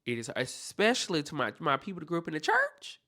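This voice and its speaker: Male podcast host, heartfelt encouraging monologue, very animated pitch. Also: quick pace. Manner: earnest, encouraging, speaks straight to the listener.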